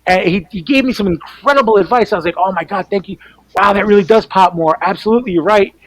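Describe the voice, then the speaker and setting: A man, an artist, chatting casually and telling animated stories, acting out other people's voices and swearing freely. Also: sits high, fast talker, rough recording. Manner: animated storyteller who acts out quoted voices. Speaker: artist on a team panel show. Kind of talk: casual storytelling chat.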